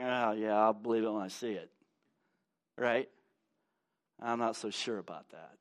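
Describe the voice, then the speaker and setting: High-voiced playful male pastor. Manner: playful, acts out voices of the characters. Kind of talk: sermon. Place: church sanctuary with a congregation.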